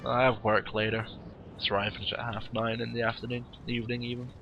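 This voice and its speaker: A man with a cold, casually commentating a game replay in a warm room at home with wry, rambling asides. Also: medium pitch, flat delivery, fast, muffled recording, background noise. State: has a cold, sniffly.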